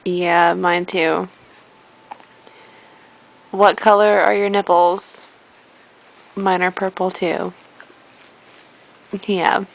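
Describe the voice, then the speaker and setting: Woman doing a flirty, drawling guy, pitched way down, slow and teasing. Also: little pitch movement, creaky, heavily acted, poor audio. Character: deep-voiced male party guy, flirty and laid-back.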